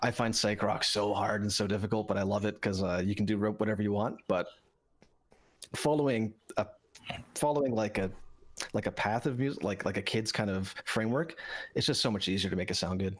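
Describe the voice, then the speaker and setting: A man's voice: on the low side, fairly quick. A man being interviewed about his music, hesitant and full of fillers, laughing easily. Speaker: guest musician. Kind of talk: casual podcast interview.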